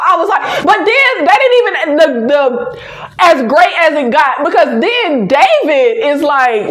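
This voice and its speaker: A woman recapping a TV episode in an excited, casual way, exclaiming and laughing as she addresses viewers directly. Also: high-pitched, normal speed, roomy sound. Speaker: TV episode reviewer.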